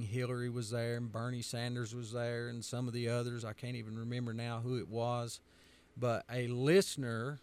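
A man from the United States giving an emphatic, sermon-style commentary, driving his points home by repetition. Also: mid-range voice.

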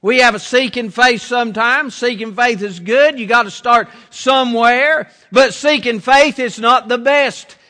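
A man preaching a sermon as pastor, slow and deliberate, repeating his phrases. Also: extremely high pitch, sharp tone, long reverb tail.

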